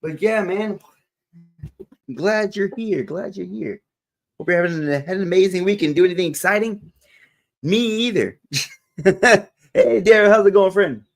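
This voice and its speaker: A man's voice: high voice, measured pace, gravelly, pauses often. A man hosting a motivational livestream, casually chatting, greeting viewers by name and laughing often. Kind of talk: casual live-stream chat greeting viewers.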